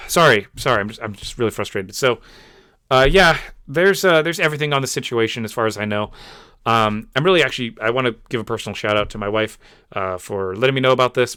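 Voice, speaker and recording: A man's voice: mid-range voice, bright, forceful tone, smooth, dry recording, clean studio sound. A young man hosting his own channel, giving a frustrated commentary rant with lots of fillers and repeated words. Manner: exasperated, repeats himself, many fillers.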